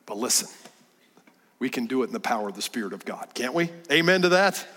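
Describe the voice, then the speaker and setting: A middle-aged man giving a sermon as a guest preacher, telling a story with lively delivery and dropping to hushed tones. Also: medium pitch, brisk. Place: church sanctuary. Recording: church hall with long reverb.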